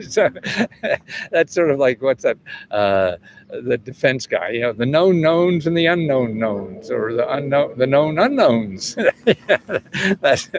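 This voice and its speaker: On a casual livestream, an older man in his seventies fields viewers' questions about government money, wandering off on tangents, laughing often and swearing plenty. His voice is on the high side with vocal fry, over a faint hiss or hum.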